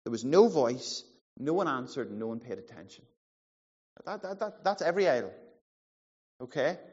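A man in his forties preaching a sermon, animated and playful, acting out the voices in the story. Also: mid-range voice, moderate pace, husky. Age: 40s. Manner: animated, playful, acts out quotes. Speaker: pastor. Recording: muffled sound in a large hall.

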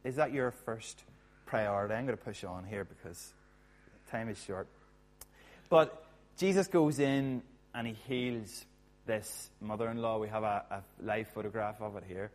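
A man preaching a sermon as a pastor, chatty and jokey with quick asides. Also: lowish voice.

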